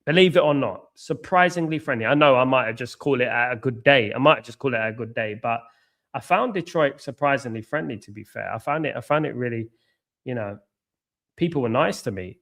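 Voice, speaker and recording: A man's voice: mid-range voice, a little fast, gravelly, fairly bright tone. Rambling English man hosting a watchalong. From England. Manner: rambling, repeats himself, many fillers and restarts. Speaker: watchalong host. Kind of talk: casual live chat reacting to a match and reading comments.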